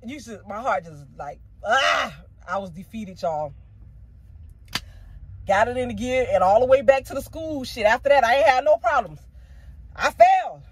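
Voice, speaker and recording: A woman with a husky, slightly breathy voice tells a personal story straight to camera. She talks in a loose, candid way and calls her viewers "y'all." Her emotions sit close to the surface. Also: a little high, animated, normal speed, pauses often. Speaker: vlogger.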